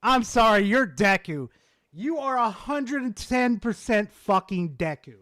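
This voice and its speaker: A man streaming casually, reading chat aloud and reacting with heavy swearing, muttering one moment and yelling the next. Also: high voice, unhurried. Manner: profane, excitable, swings from muttering to yelling.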